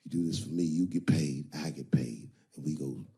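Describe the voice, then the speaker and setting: A man voicing a cold, commanding male pimp who gives low, clipped orders and swears. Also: moderate pace, mellow.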